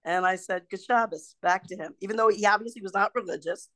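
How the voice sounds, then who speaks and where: Older woman telling animated stories. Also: medium pitch, quick pace, dry recording. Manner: animated storyteller, acts out quoted voices. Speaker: podcast guest, host's mother. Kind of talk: casual storytelling chat. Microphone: video call.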